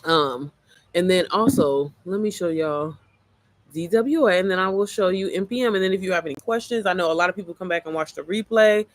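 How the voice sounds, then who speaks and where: Woman, raspy-tired voice, casual motivational livestream, rambling and profane, dry close sound. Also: on the low side, fairly quick, dry recording. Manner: rambling, easily sidetracked, profane and chatty. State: voice worn, a bit hoarse. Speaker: mom entrepreneur livestreamer.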